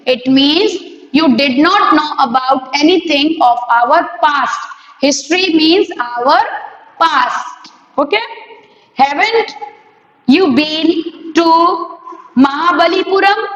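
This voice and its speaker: A woman teacher explaining a textbook lesson, asking the class many questions and repeating key words. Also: high voice. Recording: echoey room with long reverb.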